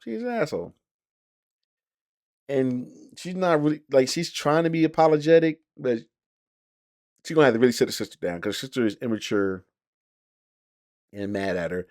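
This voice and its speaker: A man's voice: mid-range voice, expressive, moderate pace, long pauses, a little mellow, no echo. Casual male reviewer, loose and rambling, many ums and restarts, dry close sound. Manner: rambling, with frequent fillers and restarts. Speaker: show reviewer. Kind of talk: casual reaction talk.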